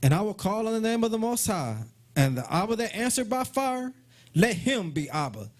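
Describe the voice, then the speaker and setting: A man's voice: high-pitched, sing-song, normal speed. A man reading Bible verses aloud at a live study, calling out verse numbers. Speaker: scripture reader.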